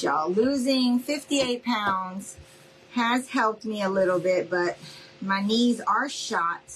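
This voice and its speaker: On a rough recording with slight background noise, a middle-aged woman with a fairly bright, higher voice hosts a craft video. She chats casually and folksily with viewers during a livestream while working on a project at home.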